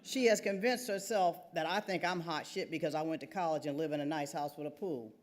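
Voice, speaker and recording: A woman's voice: deep voice, fairly quick. A woman author reading her own first-person novel aloud at a theater event, wry and conversational.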